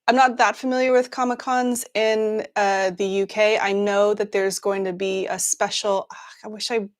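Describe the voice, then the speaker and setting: A woman's voice: mid-range voice, little pitch movement, normal speed. A woman hosting a news livestream, chatting casually with many fillers and restarts, laughing often. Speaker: news show host.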